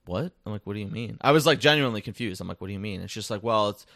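A young man co-hosting a casual podcast chat, telling stories with animated delivery and bursts of disbelief. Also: lowish voice, rapid-fire, creaky, no room sound, studio quality. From New York area. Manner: animated storytelling, breaks into shouts of disbelief. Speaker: podcast co-host.

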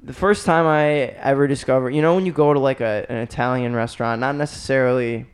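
A man's voice: mid-range voice, fast, smooth. A young man co-hosting a podcast, telling casual stories and acting out relatives' voices. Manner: animated storytelling, acts out family members' voices. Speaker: podcast co-host. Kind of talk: casual chat.

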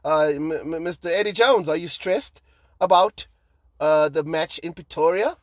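A man's voice: fairly high pitch, normal speed, no echo, studio quality, lightly acted. A man impersonating a teasing sports reporter who stammers out his questions. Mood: needling. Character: teasing male sports reporter at a press conference.

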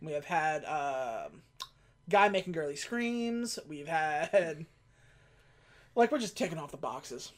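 A woman's voice: low voice, big pitch swings, takes it slowly, pauses often. A woman co-hosting a casual podcast, retelling a movie plot in a rambling, laughing way, acting out quotes as she goes. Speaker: podcast co-host. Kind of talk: casual movie recap chat.

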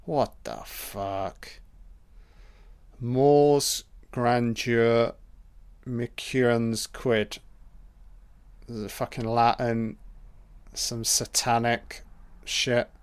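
A man giving a casual, profane running commentary on a film, reacting excitedly to each scene. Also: mid-range voice, drawn-out words, long pauses, clear, resonant tone.

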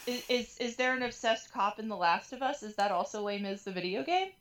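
A woman's voice: on the high side, expressive, a little fast, a bit bright. Wry, rambling woman podcast host. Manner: long digressive sentences with restarts, wry. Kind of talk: casual chat.

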